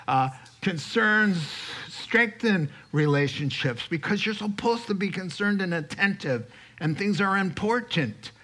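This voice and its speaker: Male pastor, sermon delivery, somewhat high bright voice, animated, slips into quoted voices. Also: measured pace. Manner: animated, acts out worried voices, chuckles.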